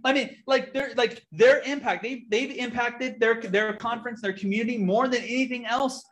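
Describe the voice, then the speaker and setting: A young man giving a testimony in a church, telling his story with lively quoted dialogue. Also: very high voice, moderate pace. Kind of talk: testimony sermon.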